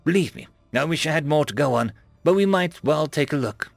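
A man's voice: a little high, expressive, brisk, gravelly, dry recording, faint music behind, pitched above the performer's own voice. Guy doing a nervous young alien tech guy, polite, kinda hesitant. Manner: hesitant, deferential.

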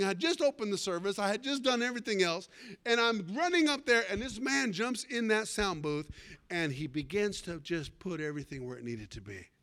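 A man pastor preaching a sermon, telling a comic story with animated delivery and sudden shouts. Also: very high voice.

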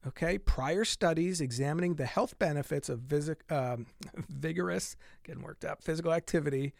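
A man with a slightly higher voice hosts a fitness podcast, reading a study aloud and breaking it down in plain talk. He is animated and stops to repeat the lines that matter. The sound is dry and close. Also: normal speed, gravelly, no echo. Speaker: podcast host. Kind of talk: casual explainer reading from a study.

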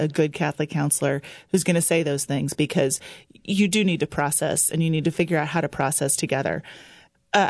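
A middle-aged woman who is a guest on a faith-based radio talk show, speaking in a chatty, warm way and laughing often. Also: sits low, no room sound, clean studio sound. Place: radio studio.

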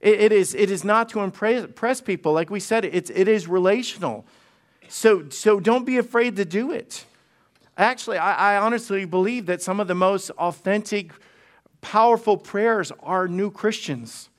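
Conversational male pastor, slightly high voice. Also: moderate pace. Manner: conversational, frequent restarts and repetitions; humorous storytelling. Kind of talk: sermon.

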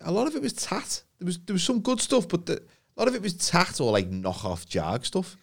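A man's voice: high-pitched, wildly swooping pitch, a little fast, creaky. A man, co-hosting a podcast in jokey, casual chat. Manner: jokey, swears freely, laughs a lot. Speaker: podcast co-host.

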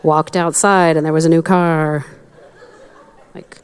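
A young adult woman preaching a sermon in a conversational, candid way, with quick asides. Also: deep voice, level tone, clear, resonant tone. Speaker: pastor.

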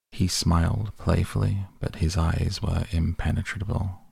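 A man reading a novel aloud in first person, slow, even and deliberate. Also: sits low, creaky, slightly rough, no room sound, studio quality. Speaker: audiobook reader.

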